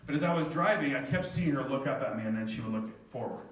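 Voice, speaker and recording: A middle-aged man tells an audience a heartfelt, self-deprecating family story, quoting his daughter and now and then coming close to tears. His medium-pitched voice is fast with lively intonation. The recording is from an echoey hall, and his voice sounds far off.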